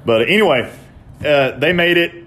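A man, chatting casually on a podcast and telling stories in a profane, animated way. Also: on the high side, moderate pace, slight background noise. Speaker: podcast co-host. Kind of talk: casual chat.

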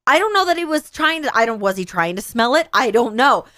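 A woman's voice: a little high, a little fast, no room sound, clean studio sound. A woman in her thirties telling a funny family story in casual chat, acting out the voices as she goes. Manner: animated, acts out a child's and others' voices in her stories.

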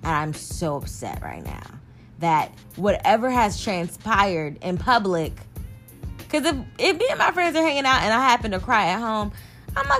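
A woman's voice: medium pitch, unhurried, faint music behind. A young adult woman talking casually and animatedly to her listeners, like a personal podcast monologue. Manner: chatty, animated, addresses listeners as y'all. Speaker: podcast host.

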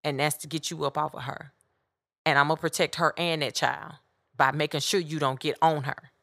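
A woman hosting a podcast, telling a story in a blunt, animated way. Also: low-pitched, fairly quick, gravelly, dry recording, clean studio sound. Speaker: podcast host. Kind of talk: casual storytelling monologue.

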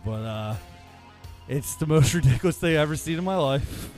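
A man in his thirties chatting casually as a podcast co-host, rambling with lots of filler words and getting animated when excited. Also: medium pitch, a little fast, faint music behind. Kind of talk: casual chat.

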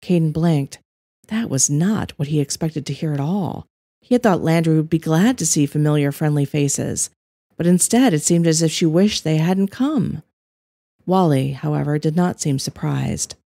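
A woman narrating a story as its author, in an even, measured reading. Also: sits low, gravelly, no room sound, clean studio sound.

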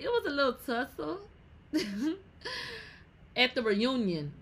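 A woman hosting a casual celebrity gossip vlog, talking brashly and profanely with loud outbursts. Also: sits high, very animated, slow pace, husky. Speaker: gossip vlogger.

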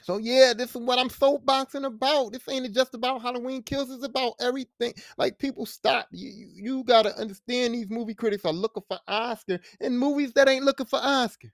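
A man's voice: very high-pitched, a little fast, creaky, hardly any pauses, no room sound, studio quality. A man hosting a podcast, giving a casual, profane, emphatic movie rant. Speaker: podcast host. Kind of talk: casual ranting review.

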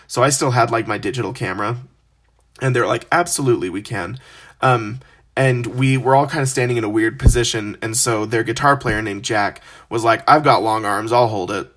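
Young male podcast host, casual storyteller, animated and self-deprecating. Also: mid-range voice, moderate pace. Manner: animated, self-deprecating, acts out quoted voices.

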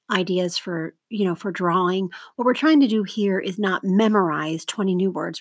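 Breathy, chatty woman teacher. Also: mid-range voice, no room sound. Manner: chatty, informal, drifts into asides. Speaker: middle school teacher. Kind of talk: recorded vocabulary lesson.

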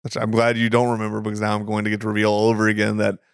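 Casting: young male podcast co-host, gravelly voice, dry close mic, laughs a lot. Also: lowish voice, completely flat delivery, rapid-fire, no echo. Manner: laughs often, rambling with restarts. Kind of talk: casual film chat. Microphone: studio microphone.

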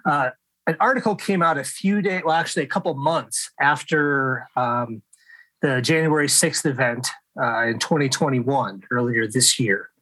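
A man's voice: medium pitch, normal speed, sharp tone, no echo, rough recording. A middle-aged man hosting a casual podcast discussion, chatty and laughing often. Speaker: podcast host.

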